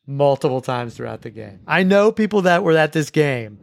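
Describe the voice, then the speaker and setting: A man's voice: on the high side, moderate pace, creaky, hardly any pauses, dry recording, studio quality. A man hosting a school sports show, chatting casually through results and often restarting his sentences. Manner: relaxed, with frequent restarts and repeated words. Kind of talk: casual sports recap chat.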